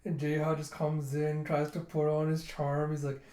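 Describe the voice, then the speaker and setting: A man's voice: fairly high pitch, monotone, normal speed, warm tone. A man casually reading through a manga, laughing and switching between character voices. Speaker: manga reviewer. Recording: roomy echo.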